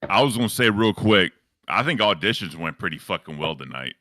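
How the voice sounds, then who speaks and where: A man's voice: deep voice, very animated, a little fast, bright, forceful tone, no echo, clean studio sound. A man with a Southern accent on a streamed panel, laid-back and profane, rambling through his opinions. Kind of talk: casual chat.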